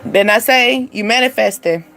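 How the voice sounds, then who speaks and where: A woman's voice: on the high side, moderate pace, noisy background. A woman hosting a spiritual reading channel, talking casually and bluntly to her viewers with frequent asides. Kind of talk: casual tarot-style energy reading.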